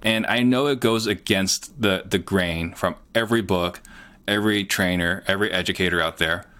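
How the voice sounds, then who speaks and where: A man's voice: deep voice, normal speed, bright, forceful tone. A middle-aged man, a guest on an interview show, talking earnestly and plainly with lots of "you know". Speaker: guest, real estate entrepreneur. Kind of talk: casual interview talk.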